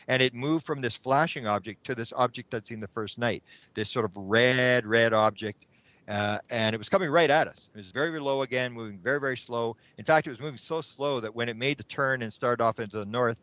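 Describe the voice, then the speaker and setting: A man tells a story as an interview guest. He gets animated and trips over repeated words as he goes. The recording sounds dull and dry, with no room around the voice. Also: mid-range voice, no room sound.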